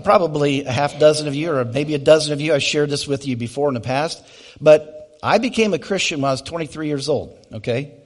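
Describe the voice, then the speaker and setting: Man preaching a conversational sermon. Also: fairly high pitch. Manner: personal storytelling, conversational asides. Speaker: pastor. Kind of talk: sermon with prayer.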